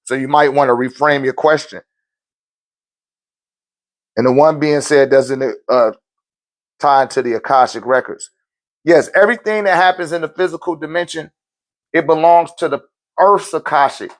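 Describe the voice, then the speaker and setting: Slangy man lecturing on a live stream. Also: on the high side. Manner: preachy, checks in with listeners; loose, slangy street talk. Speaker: spiritual teacher answering viewer questions.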